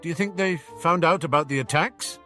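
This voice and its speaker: Brief: narrator as gentle giant groundskeeper, earnest, plain voice. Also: male voice, mid-range voice, big pitch swings, normal speed, soft background music. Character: big gentle half-giant groundskeeper, nervous.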